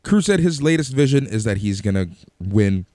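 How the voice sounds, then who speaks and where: A man's voice: on the low side, expressive, normal speed, warm tone, dry recording. A man casually recapping a wrestling show, then giving his offhand opinions. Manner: recaps events then gives offhand opinions, some fillers.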